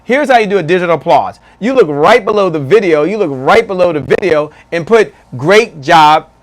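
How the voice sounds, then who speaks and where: A man's voice: high voice, animated, moderate pace. A male host of a live online show, talking with hype and energy, repeating phrases and calling people "man" as he reads out viewer comments. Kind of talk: live-stream interview and shout-outs.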